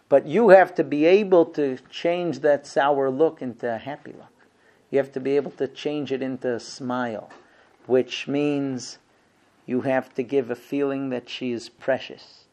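Brief: male class teacher, lively and humorous, acts out little scenes, drops to quiet earnest points. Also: medium pitch. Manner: lively, acts out husband and wife exchanges with humor; shifts between quiet earnest points and loud playful asides. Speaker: teacher of a marriage class for men. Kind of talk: lecture to a class.

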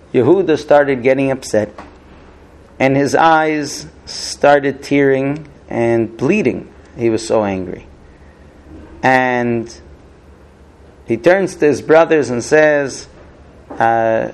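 A man's voice: mid-range voice, slow, gravelly, darkish tone. A man teaching a Torah story in a casual storytelling way, chatty with many fillers and check-ins with listeners.

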